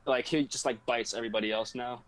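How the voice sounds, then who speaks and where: A man's voice: medium pitch, fairly even intonation, fast talker, crowd noise, low-quality recording. Easygoing young man telling stories. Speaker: guest. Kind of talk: casual chat.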